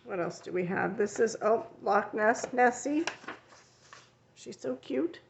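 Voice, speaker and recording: A woman's voice: fairly high pitch, lively intonation, slow, gravelly, slight background noise. A woman who teaches art, chatting casually and rambling a bit as she shows her finished coloring pages in a vlog. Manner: chatty and rambling, with frequent fillers and self-corrections. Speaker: coloring channel host. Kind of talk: casual show-and-tell vlog.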